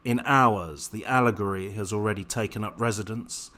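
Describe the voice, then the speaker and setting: Male narrator, low register, measured sardonic commentary read. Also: fairly bright tone. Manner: measured, pointed, sardonic delivery. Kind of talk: scripted political commentary narration.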